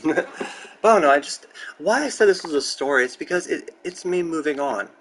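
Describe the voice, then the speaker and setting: A young man chatting casually and candidly while building in a game, rambling through stories, excitable, close to his microphone. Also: on the high side, a little fast, a little hiss or hum, poor audio. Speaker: gaming streamer. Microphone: close desk mic.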